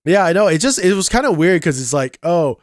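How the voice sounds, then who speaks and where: A man co-hosting a podcast, reacting to a movie in a halting, excitable way full of "like". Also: on the high side, dry recording, studio quality. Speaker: podcast co-host. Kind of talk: casual movie review chat.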